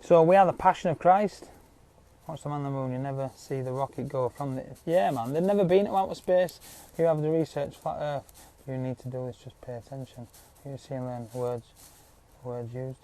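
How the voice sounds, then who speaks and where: A man's voice: medium pitch, moderate pace, warm tone. A man with speech ranting to viewers in a rambling, insistent way, swearing often and adding "yeah?" to his points. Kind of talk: casual rant to viewers.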